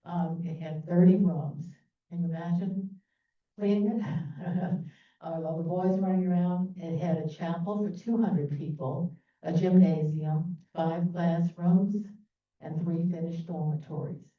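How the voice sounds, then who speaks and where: A woman's voice: lowish voice, steady tone, measured pace. A woman from New Orleans giving a history talk with slides, chatty and loose, with fillers and asides. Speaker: presenter. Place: meeting room. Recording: echoey, distant, phone-like sound.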